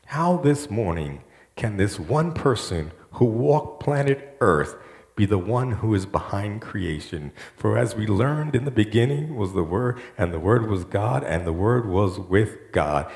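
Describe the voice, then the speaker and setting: A man's voice: unhurried, reverberant. A man preaching a sermon as pastor, acting out the voices of the people he quotes. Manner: animated preaching, quoting voices with rising pitch.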